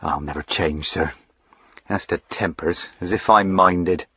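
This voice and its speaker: A man voicing a soft-spoken loyal rustic servant. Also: low voice, measured pace, husky, no room sound, dull audio, heavily acted. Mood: quiet, earnest. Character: quiet devoted male servant, rustic, loyal. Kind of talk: audiobook character voicing.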